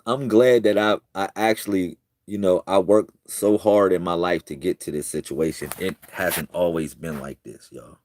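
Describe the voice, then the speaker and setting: A man talking casually to his viewers, excitable and slangy, repeating himself and swinging from loud bursts to quiet murmurs. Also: deep voice, a little slow, dry recording. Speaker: video creator.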